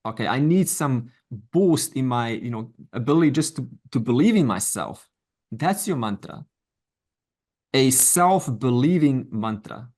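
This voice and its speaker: A man's voice: medium pitch, animated, measured pace, darkish tone. A middle-aged man teaching a Vedanta class online, speaking conversationally and encouragingly, with asides and quoted voices. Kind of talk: informal lecture to an online class.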